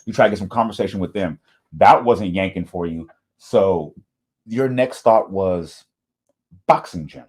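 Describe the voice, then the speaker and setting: Husky low-voiced man riffing. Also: unhurried, long pauses. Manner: laughing, animated, swearing, slangy. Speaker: reaction video host. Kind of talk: casual reaction commentary.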